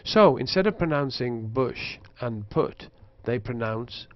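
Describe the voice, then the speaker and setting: A man's voice: mid-range voice, expressive. Man explaining pronunciation in a dull recording. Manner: slow careful demonstrations of pronunciation. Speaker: lecturer. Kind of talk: scripted narration.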